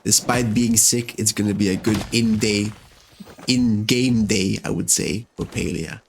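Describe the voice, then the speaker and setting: A man's voice: on the low side, steady tone, a little slow, vocal fry, a little hiss or hum. A man giving chatty commentary as he plays a video game and talks to its characters. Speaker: let's-play host. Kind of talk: gameplay commentary. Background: faint game music.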